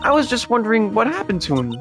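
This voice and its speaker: A man's voice: very high-pitched, sing-song, fast talker, fairly bright tone, soft background music, voice pushed up, exaggerated voice. A man voicing a shy, jealous young woman from a game in a raised voice, stammering and hesitating over her words.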